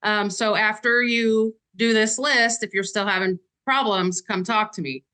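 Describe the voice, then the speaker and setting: A woman's voice: medium pitch, fairly even intonation, a little slow, bright, forceful tone. A woman guest on a casual podcast interview, talking candidly and conversationally. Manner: candid, conversational, uses "you know" and "like" often. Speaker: real estate agent, guest.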